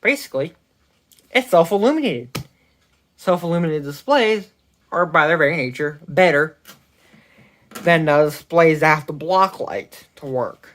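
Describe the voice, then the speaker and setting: In a bright-ish, animated voice of medium pitch, a tech reviewer gives a casual product review recorded on a phone mic. His delivery rambles and halts, with frequent restarts and corrections of himself.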